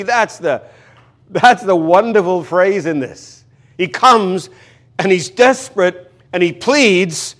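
Brief: male preacher, fairly high voice, earnest and emphatic, hammers home repeated lines. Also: fairly bright tone. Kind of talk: expository sermon.

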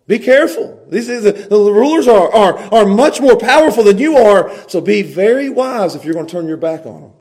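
A man preaching a sermon as a pastor, swinging from loud emphasis to quiet asides. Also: sits high, lively intonation, moderate pace, hardly any pauses.

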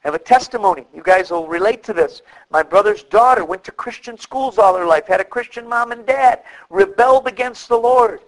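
A middle-aged male pastor preaching a sermon, animated and acting out the voices of the people he quotes. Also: high voice, brisk, hardly any pauses, low-quality recording.

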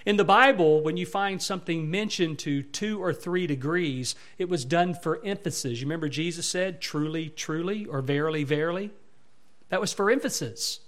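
High-voiced man preaching a sermon. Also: normal speed. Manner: emphatic preaching, swelling loud on repeated words. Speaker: pastor.

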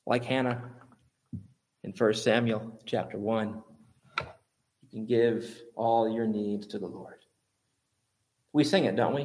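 A man preaching a sermon, asking his listeners rhetorical questions and building to emphatic, louder peaks. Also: lowish voice, slow, long pauses.

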